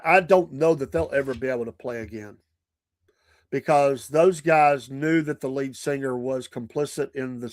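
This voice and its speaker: A man, a podcast host and preacher, telling stories in a casual, animated way, often breaking into laughter. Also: mid-range voice, dry recording. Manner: animated, laughing often, acting out quoted people.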